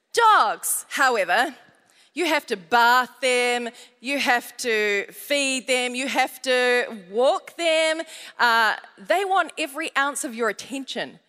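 A woman pastor with an Australian accent and a high, sharp voice preaches a sermon, blending scripture with funny family stories and calling out to the congregation. The recording carries a long hall reverb.

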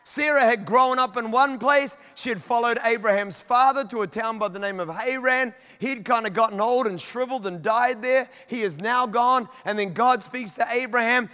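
A male pastor reading scripture and preaching, animated and talking straight to his congregation in a church. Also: very high-pitched, smooth. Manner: animated, addresses the congregation directly. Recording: long hall reverb.

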